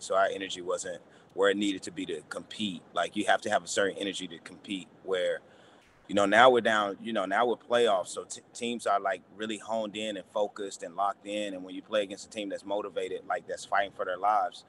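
A low-pitched man answers as a basketball coach at a press availability, stopping and restarting, repeating words and leaning on fillers. Faint ambient noise sits behind him. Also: fairly even intonation, a little fast, a bit bright.

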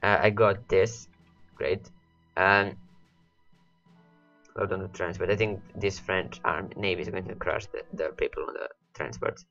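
A man's voice: sits low, steady tone, unhurried, creaky, long pauses, a bit bright, highs cut off, faint music behind. A man rambling through gameplay commentary, his voice worn and cracking from hours of talking, repeating words as he talks to his units. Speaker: let's play host.

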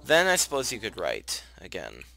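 A man's voice: on the low side, huge pitch swings, normal speed, creaky. A young man casually commenting on a life-sim game, chatting to his characters and gushing when something cute happens. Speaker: gaming channel host. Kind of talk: casual let's play commentary. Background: soft background music.

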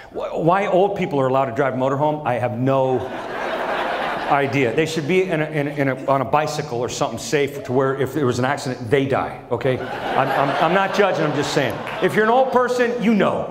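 A middle-aged man performing a stand-up comedy set on a large theater stage, telling stories with lively energy and acting out his family's voices. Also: medium pitch, a little fast, noisy background. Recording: echoey live theater with audience.

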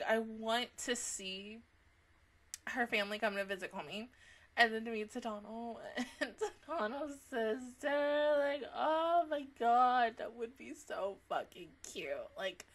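A young woman chatting casually about an episode she just watched, excitable and laughing often, with a casual habit of swearing. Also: a little high. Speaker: anime reaction vlogger. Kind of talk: casual reaction chat.

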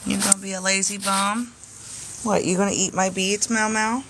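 A woman hosting a casual live stream with her pet chinchillas, coaxing them in soft baby talk and chatting to viewers. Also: medium pitch, little pitch movement, normal speed, vocal fry, slight background noise.

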